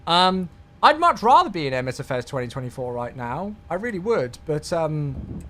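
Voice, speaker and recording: A British man in his thirties talks to his live-stream chat in a high, bright voice that swings up and down. He gets excitable and effusive as he thanks viewers. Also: normal speed, a little hiss or hum.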